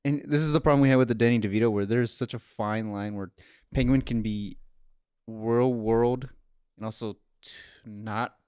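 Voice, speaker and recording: A man's voice: medium pitch, moderate pace, clean tone, no room sound. Chatty man co-hosting a podcast, dry sound. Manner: animated, many "like"s, acts out quotes. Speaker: podcast co-host. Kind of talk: casual movie review chat.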